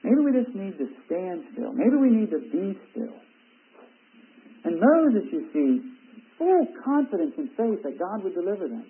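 A man teaching a Bible sermon in an earnest way, rising in pitch for emphasis. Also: big pitch swings, unhurried. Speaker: preacher. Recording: tinny phone-like radio broadcast.

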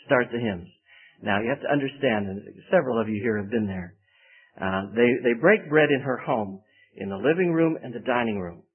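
Man, preacher, folksy storyteller, husky tone, tinny narrow sound. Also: mid-range voice, animated, a little fast. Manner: folksy storytelling, acts out quoted voices. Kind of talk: sermon with personal anecdote. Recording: tinny phone-like band.

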